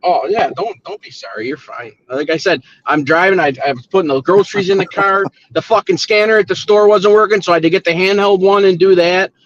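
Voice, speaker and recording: A man's voice: sits high, fairly quick, hardly any pauses, lo-fi sound. A man hosting a casual chat, rambling with many restarts and swearing when riled. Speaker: show host, wedding DJ.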